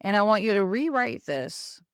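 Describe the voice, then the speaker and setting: Woman quoting patient male VP, calm, coaxing, step-by-step; dry close sound. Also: mid-range voice, moderate pace, smooth, dry recording, natural voice. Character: patient soft-spoken male marketing boss.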